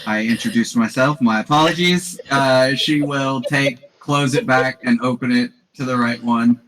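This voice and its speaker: A man's voice: medium pitch, steady tone, unhurried, a bit bright, far from the mic, slight background noise, rough recording. A man playing in a tabletop game on a live stream, sheepish and apologetic as he explains his moves. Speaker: player.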